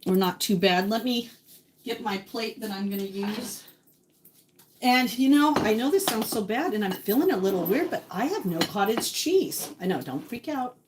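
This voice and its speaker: A woman vlogger in her forties, medium-pitched, chats casually with viewers while cooking breakfast in her home kitchen, often talking to herself. A faint kitchen sizzle and a noisy background can be heard behind her.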